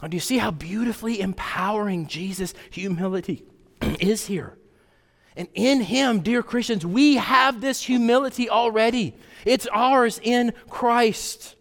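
Male pastor, earnest sermon delivery, a little high, long hall reverb. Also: a little slow, vocal fry. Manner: earnest, swings from loud emphasis to hushed intensity.

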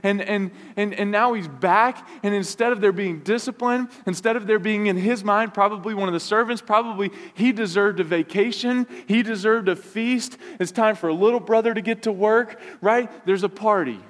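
A male pastor preaching with animated, conversational storytelling and quick asides, his voice sitting a little high. He slips into the characters' complaints as he retells the story. The sound rings with a long reverb from a church sanctuary. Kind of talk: sermon.

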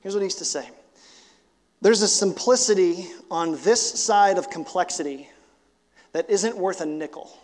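A man of about forty, a pastor, preaching a sermon in a casual, animated way that swells into emphatic bursts. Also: high-pitched, moderate pace, big-room sound. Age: 40s. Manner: animated, conversational, rising to emphatic outbursts.

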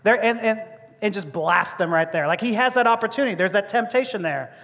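In a sermon, a male preacher jokes and laughs, often restarting his words. His voice is high, somewhat bright, and slightly fast. A large hall's long reverb surrounds the recording.

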